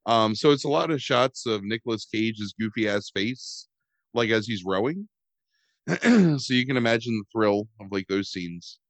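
A man's voice: on the low side, lively intonation, normal speed, no echo. A man chatting casually as a podcast host about a movie, rambling and sarcastic, swearing and filling gaps with "um" and "like.". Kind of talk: casual chat.

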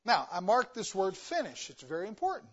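High-voiced, lively man preaching. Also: brisk, breathy edge, lo-fi sound. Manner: emphatic, rhetorical questions, varies loudness for stress. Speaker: guest preacher, missionary. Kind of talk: sermon. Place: church.

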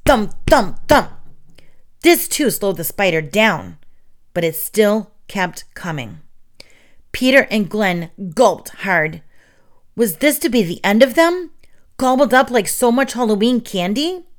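A woman's voice: medium pitch, slow. Woman reading a children's story with expression. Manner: expressive, dramatic.

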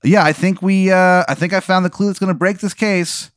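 A man's voice: sits high, steady tone, brisk, smooth, no echo, studio quality, voice pushed up, lightly acted. A man doing a cocky pushy detective. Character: brash self-promoting male private detective.

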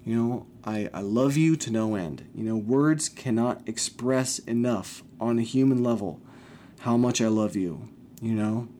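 Male podcast host, shaky and emotional, swears a lot, warm dark tone. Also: medium pitch, unhurried, a little hiss or hum. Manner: emotional, rambling, swears often. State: recovering from illness, shaky. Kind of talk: casual personal monologue.

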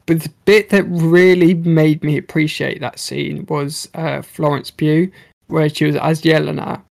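Animated, gravelly man. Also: a little high, unhurried. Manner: animated, swears freely, acts out characters' lines. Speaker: podcast co-host reviewing a film. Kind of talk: casual chat.

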